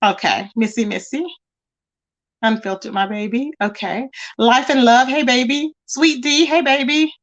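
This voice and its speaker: Woman, streamer host, casual and chatty, reads viewer comments aloud, voice on the high side. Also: a little slow. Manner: chatty, greets viewers with terms like baby and child. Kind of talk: casual live-stream chat reading comments.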